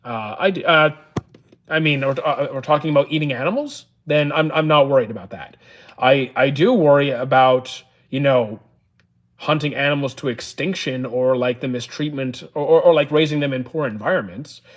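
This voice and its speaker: A man's voice: medium pitch, normal speed. A man streaming live, reading viewers' questions aloud and answering them plainly, with frequent "uh"s. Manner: reads chat questions aloud, answers matter-of-factly with many "uh"s.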